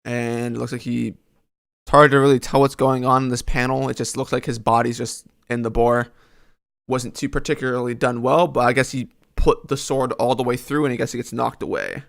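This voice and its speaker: Male streamer, gravelly voice, sarcastic live reaction commentary. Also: medium pitch, fairly even intonation, normal speed, a bit bright. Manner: sarcastic, critical, reads dialogue aloud. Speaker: streamer reacting to a comic chapter.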